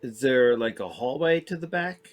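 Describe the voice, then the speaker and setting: Lively-voiced man playing a tabletop game. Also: mid-range voice, normal speed. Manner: stammering, hesitant questions. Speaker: player. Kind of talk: casual tabletop play.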